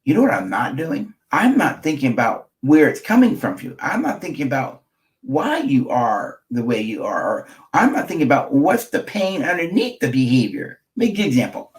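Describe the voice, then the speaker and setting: A man's voice: medium pitch, wildly swooping pitch, moderate pace. A middle-aged man, a marriage therapist, gives an emphatic teaching talk to camera, repeating key phrases and checking in with his listeners.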